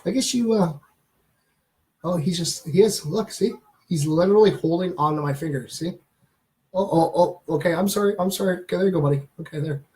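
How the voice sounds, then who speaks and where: A man on a casual livestream, talking about and cooing softly to a baby pet lizard, with many fillers. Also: a little high, fast talker, rough recording. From Canada. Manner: chatty, many fillers, coos softly at the animal. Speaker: streamer showing a pet lizard.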